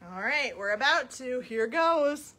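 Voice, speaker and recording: A woman's voice: sits high, lively intonation, measured pace, noisy background. A woman, a children's librarian, reading a picture book aloud at storytime in a sing-song voice and coaxing young listeners with questions. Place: library, recorded for a live video stream.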